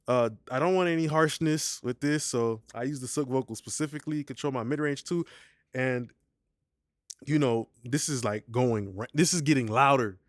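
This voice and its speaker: A man's voice: medium pitch, moderate pace, dry recording, studio quality. A man hosting a casual vocal mixing tutorial, talking in a slangy, laid-back way and often asking "you feel me". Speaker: mixing engineer tutorial host.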